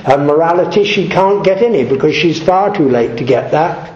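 A man doing an English clergyman who speaks earnestly and plainly, with a lively, rising and falling voice. The recording is dull and lo-fi, in an echoey room. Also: a little high, moderate pace, lightly acted. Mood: solemn. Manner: earnest first-person retelling. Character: proud English clergyman, middle-aged, later humbled.

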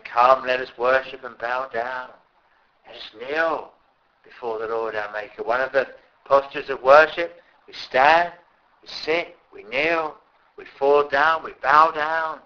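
Man preaching a sermon, earnest, kinda muffled lo-fi recording. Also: on the high side. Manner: earnest, rising to loud pleading calls.

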